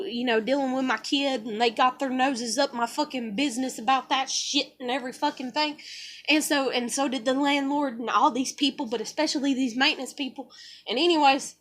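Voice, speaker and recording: High-voiced woman ranting angrily. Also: fairly bright tone. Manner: profane, heated venting with many fillers. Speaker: vlogger. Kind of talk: emotional personal rant.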